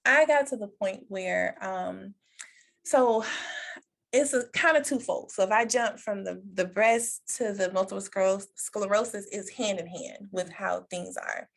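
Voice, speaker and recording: A woman guest on a podcast telling a personal story in conversation, lively, acting out the voices of others and laughing often. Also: a little slow, gravelly. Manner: animated, acts out quoted voices with big pitch jumps.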